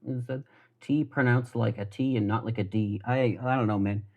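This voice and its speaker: A man's voice: medium pitch, fairly even intonation, moderate pace, phone-quality sound. A young American man with an American accent, chatting loosely and swearing as he cooks in his home kitchen on a live stream. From United States. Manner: rambling, self-deprecating, swears casually. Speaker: livestreamer. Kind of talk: casual live-stream chat while cooking. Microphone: headphones with mic.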